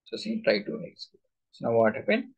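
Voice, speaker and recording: A man's voice: lowish voice, sing-song, fast, slightly rough, dull audio. A man teaching a live SQL class, quizzing students with repeated questions. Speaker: SQL instructor.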